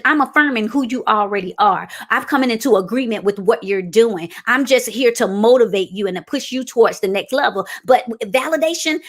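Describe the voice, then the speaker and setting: A woman's voice: fairly high pitch, a bit bright. A woman giving a motivational sermon in a preaching style, emphatic and repeating her key phrases as she calls out to the audience. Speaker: speaker.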